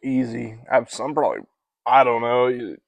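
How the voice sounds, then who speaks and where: A young man co-hosting a podcast in casual chat, telling stories with lots of swearing and throat-clearing. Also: medium pitch, steady tone, normal speed, dry recording, rough recording. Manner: profane storytelling, clears throat often. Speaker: podcast co-host.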